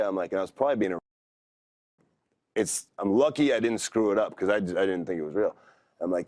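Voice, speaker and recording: A man's voice: fairly low pitch, quick pace, darkish tone, no room sound. A man telling stories as a guest in a casual interview, laid-back and rambling, acting out what people said to him. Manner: laid-back, rambling, acts out quoted dialogue. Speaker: podcast guest.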